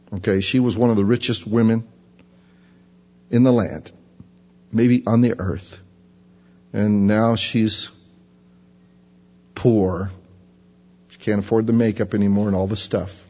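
A man's voice: on the low side, darkish tone. A man preaching a sermon, teaching through a Bible passage in a folksy, conversational way. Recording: lo-fi recording with long hall reverb.

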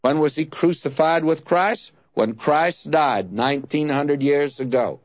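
A man preaching an expository sermon, slow and emphatic, leaning hard on key words. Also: on the high side, no room sound, muffled recording.

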